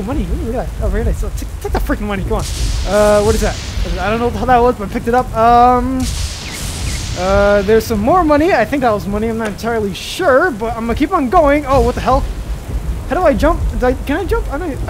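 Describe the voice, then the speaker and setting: A man's voice: very high voice, background noise. A man playing a video game and talking to himself as he goes, rambling with lots of fillers, restarts and mild swearing, hot and sweating in a costume in his bedroom. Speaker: gaming YouTuber. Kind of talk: casual let's-play commentary.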